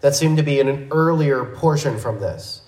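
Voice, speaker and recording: A man teaching a verse-by-verse Bible lesson in a measured, methodical way, with small restarts. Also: mid-range voice, darkish tone, reverberant, poor audio.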